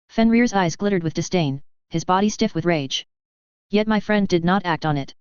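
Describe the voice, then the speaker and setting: Clear-voiced woman narrating a story. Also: on the low side, moderate pace, dry recording. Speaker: audiobook narrator. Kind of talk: first-person story narration. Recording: dull dry lo-fi audio.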